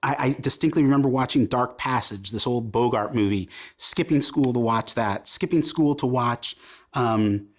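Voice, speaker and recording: Man, 50s, from Portland, Oregon, interview guest, animated, self-deprecating, average pitch. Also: moderate pace. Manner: animated, self-deprecating, acts out remembered dialogue. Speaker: comic book creator as guest. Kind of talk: casual interview storytelling.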